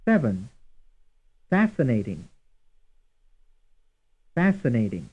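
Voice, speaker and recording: A man reading a language course drill slowly and deliberately, saying each word twice. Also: medium pitch, very animated, breathy edge. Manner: reads words twice, evenly paced. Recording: tinny, phone-like old course audio.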